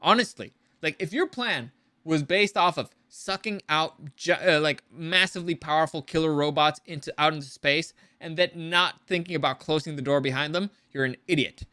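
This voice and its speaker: Bright, dry-mic male reviewer, casual and rambling, profane. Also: on the high side, normal speed, no echo. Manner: rambling, profane, animated with frequent restarts. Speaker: show reviewer. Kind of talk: casual commentary.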